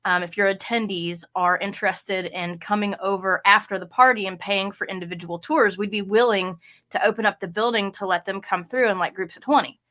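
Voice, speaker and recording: A woman's voice: mid-range voice, fairly quick, fairly bright tone. A middle-aged woman guest on a podcast, telling stories in casual conversation and acting out the quotes. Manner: chatty storyteller, acts out quotes. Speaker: podcast guest, haunted house reviewer. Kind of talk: casual interview chat.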